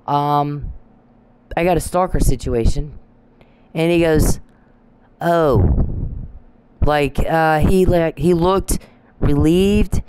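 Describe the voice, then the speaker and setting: A woman's voice: low voice, warm tone, slight background noise, poor audio. A woman talking in an angry, rambling monologue, combative and profane, with frequent restarts.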